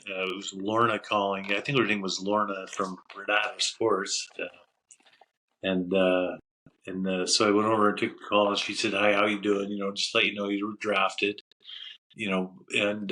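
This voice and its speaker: A man's voice: on the low side, sharp tone, rough recording. A middle-aged man and former hockey goalie, a podcast guest who tells a long, rambling story. He keeps repeating "I said" and "he goes" and chuckles as he goes. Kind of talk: casual storytelling interview.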